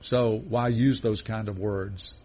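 A man preaching a sermon as a pastor, speaking in a measured way and often asking the listeners questions. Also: fairly low pitch, fairly even intonation, a little mellow, highs cut off.

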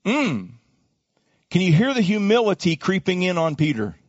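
A man's voice: sits high, sing-song, normal speed, dry recording, lo-fi sound. A male pastor preaching a sermon, dramatic, acting out voices and calling for congregation responses.

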